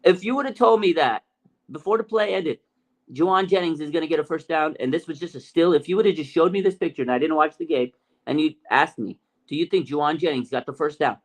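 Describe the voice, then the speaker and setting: A man hosting a fan show, giving an energetic, emphatic sports talk monologue that repeats phrases and swings from low remarks to loud outbursts. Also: quick pace, poor audio.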